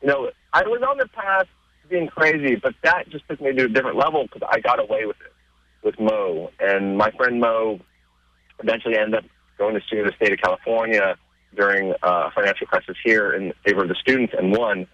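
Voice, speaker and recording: A man being interviewed on radio, telling stories casually and getting excited, his voice jumping up in pitch as he retells scenes. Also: fairly quick, no echo, lo-fi sound. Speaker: interview guest.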